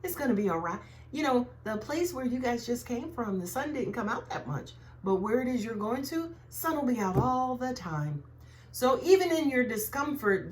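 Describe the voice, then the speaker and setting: A woman's voice: fairly high pitch, a little mellow, a little hiss or hum. A woman giving a casual tarot reading to viewers, talking in a chatty way and often tagging her sentences with "right?". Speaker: tarot reader.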